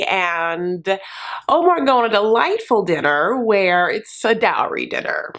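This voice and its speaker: A woman's voice: medium pitch, fairly bright tone. A woman giving a sassy, casual comedic recap of a reality show, swearing freely and slipping into quoted voices.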